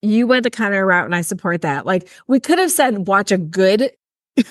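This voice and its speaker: A woman's voice: mid-range voice, lively intonation, normal speed, no echo, clean studio sound. A woman co-hosting a podcast, chatting casually with friends and laughing easily. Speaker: podcast co-host. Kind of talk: casual chat among friends.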